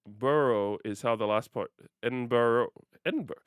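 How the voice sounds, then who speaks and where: A man's voice: mid-range voice, lively intonation, measured pace, fairly bright tone, clean tone, no room sound. Playful man streaming a driving game. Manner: chatty, playful, laughs often, talks to chat. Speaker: livestreamer. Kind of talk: casual gaming livestream chat.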